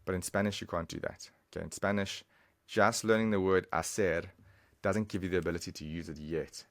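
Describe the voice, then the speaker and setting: A man's voice: low-pitched, steady tone, brisk, no room sound. A man giving a casual, chatty online language lesson, talking straight to the viewer. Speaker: language teacher.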